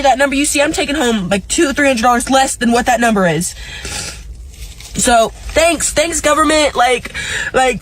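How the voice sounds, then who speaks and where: A woman's voice: high-pitched, a bit bright, poor audio. A young woman in a frustrated casual rant, swearing and saying "like" a lot. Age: young adult. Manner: frustrated, swearing, many fillers. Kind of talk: angry casual rant video.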